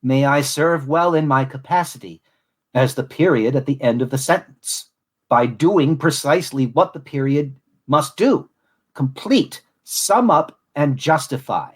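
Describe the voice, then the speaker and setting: A man reading a solemn, grandiose scripted monologue as a podcast host, deliberate and formal, then chatting casually. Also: medium pitch, lively intonation, husky.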